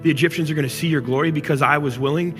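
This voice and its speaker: A man preaching a sermon as pastor, animated and acting out angry complaints before dropping to soft, intimate tones. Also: on the high side, rapid-fire. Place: church auditorium. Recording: church hall reverb with music.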